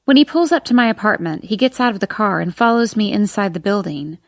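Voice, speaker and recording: First-person audiobook narrator: woman, expressive, mid pitch, dry close studio sound. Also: fast, dry recording.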